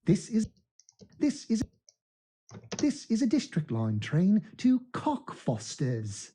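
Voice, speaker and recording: Cheeky mock-Londoner, overly polite, singsong begging, soft and mellow tone; a man puts it on. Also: high-pitched, wildly swooping pitch, takes it slowly, slight background noise, voice pushed up, exaggerated voice. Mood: wheedling. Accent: mock London accent. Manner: singsong begging, repeats phrases.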